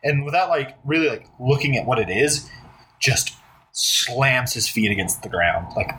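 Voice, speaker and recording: A man's voice: medium pitch, moderate pace, bright, forceful tone, poor audio. A man narrating as game master, describing the scene loosely with lots of "like" and "um".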